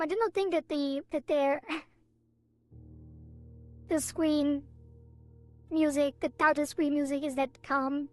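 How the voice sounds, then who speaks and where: A woman's voice: high voice, darkish tone. A woman streaming a game, chatting casually with her viewers in a rambling, giggly way with playful sound effects. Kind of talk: casual live-stream chat.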